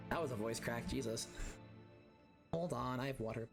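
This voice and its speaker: A man's voice: medium pitch, moderate pace, creaky, pauses often, over music. A man streaming a game live, commenting in a sarcastic, joking way.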